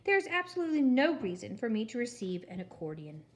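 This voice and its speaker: A woman voicing a stern, prim older woman who hates frivolity, in crisp, clipped, indignant tones. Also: on the high side, sing-song, quick pace.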